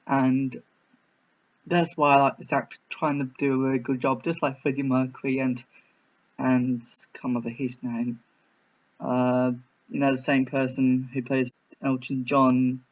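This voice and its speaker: A man's voice: medium pitch, little pitch movement, a little slow. A man reviewing a film in a casual reaction video, rambling and hesitant with many restarts. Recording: slightly muffled.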